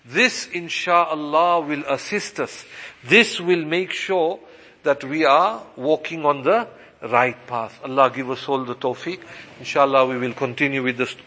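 Bright-voiced male preacher in a reverberant hall. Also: on the high side. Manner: impassioned, slows for emphasis, acts out quoted voices. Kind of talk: sermon.

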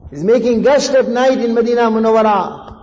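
A man's voice: very high voice, brisk, a little mellow, big-room sound, highs cut off. A man preaching a sermon, telling stories with fervour and repeating lines for emphasis. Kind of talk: sermon storytelling.

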